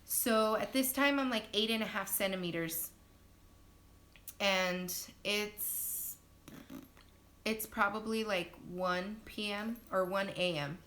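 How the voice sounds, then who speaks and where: Bright-voiced chatty young mother. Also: slow. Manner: chatty and animated, acts out quotes with sudden loud high bursts; laughs often, many fillers. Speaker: new mother telling her birth story. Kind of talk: casual live-stream storytelling. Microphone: phone. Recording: phone live-stream audio.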